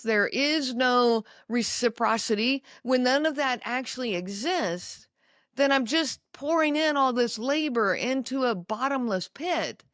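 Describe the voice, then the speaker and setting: Earnest, higher-pitched woman podcasting in a dry room. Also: a bit bright, no echo. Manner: conversational and earnest, with frequent "you know" fillers. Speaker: podcast host. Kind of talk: reflective monologue giving recovery advice.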